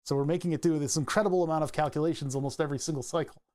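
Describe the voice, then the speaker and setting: A man's voice: on the high side, steady tone, very fast, a little mellow. A man casually walking through his microcontroller code, rambling and self-correcting, laughing at himself now and then. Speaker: hobbyist electronics maker.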